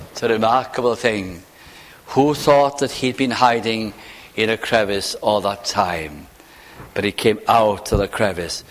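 A man preaching a sermon, slow and emphatic, often dropping to hushed, falling phrases. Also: fairly low pitch. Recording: long hall reverb.

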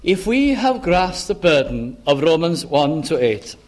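A man preaching a sermon in church, earnest, slowing down and lifting his voice on the words he stresses. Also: on the high side, sing-song. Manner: earnest, slows down and rises for emphasis.

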